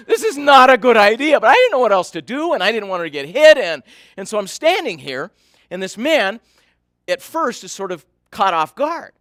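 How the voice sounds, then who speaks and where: A male keynote speaker with a bright, ringing voice, pitched a little above the usual for a man. He tells his story in an animated way and keeps asking the audience questions. The sound is close and dry, with no room around it. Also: moderate pace, dry recording.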